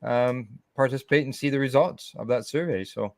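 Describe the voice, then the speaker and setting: A man's voice: mid-range voice, normal speed, creaky, darkish tone, dry recording, clean studio sound. A man hosting a casual chat over a video call, talking in a rambling way full of asides. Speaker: host.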